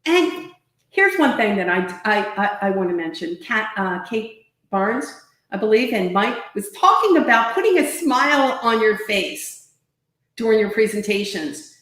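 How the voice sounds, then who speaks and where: A woman's voice: mid-range voice, very animated, measured pace, fairly bright tone. A woman sales trainer giving an emphatic, coaching talk over a live video stream, repeating herself often. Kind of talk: motivational online talk. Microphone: webcam or laptop mic on a live video stream. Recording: roomy echo.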